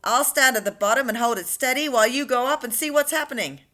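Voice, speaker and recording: A woman voicing a frantic male police chief in a storybook reading, loud and panicky. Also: sits high, fast, pitched above the performer's own voice. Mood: bossy.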